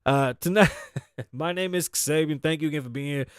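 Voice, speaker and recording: A man's voice: fairly high pitch, normal speed, clear, resonant tone, no room sound, clean studio sound. A man hosting a talk show, delivering a loose, joking monologue full of profanity and asides. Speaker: host. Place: studio.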